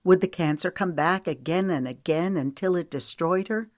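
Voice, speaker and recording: Low-voiced woman narrating an audiobook. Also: normal speed, a little mellow, dry recording, clean studio sound. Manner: reads dialogue with light character shifts. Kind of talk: scripted narration.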